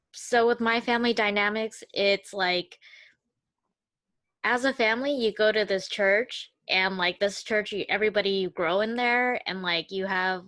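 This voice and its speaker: A woman's voice: medium pitch, fairly bright tone, no room sound. A young woman co-hosting a podcast, recalling her past in a hesitant, reflective way. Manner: reflective, hesitant, many fillers. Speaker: podcast co-host. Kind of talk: casual chat.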